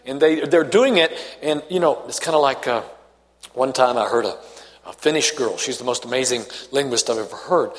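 A man's voice: medium pitch, normal speed, in a large hall. A man from Tennessee with a faint Southern accent, teaching a Bible study class in a conversational way, asking questions and reading scripture aloud.

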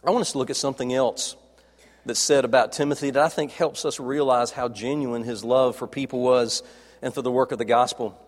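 A man preaching a sermon in a dramatic way, dropping to soft, low tones as he retells scenes. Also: fairly even intonation, a little fast, in a large hall. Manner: dramatic, acts out quoted dialogue, drops to soft low tones.

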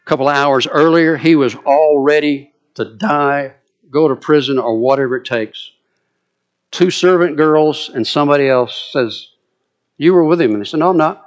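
A man's voice: fairly high pitch, normal speed, muffled recording. A man preaching a sermon, retelling a story with drama and vivid asides.

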